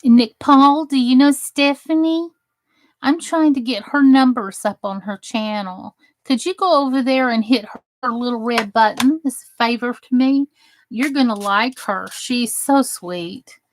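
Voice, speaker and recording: Woman from New Jersey, higher voice, slow easygoing delivery, crafting-stream host who chats with viewers by name. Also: slight background noise. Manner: chatty, greets viewers by name. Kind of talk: casual livestream chat while crafting.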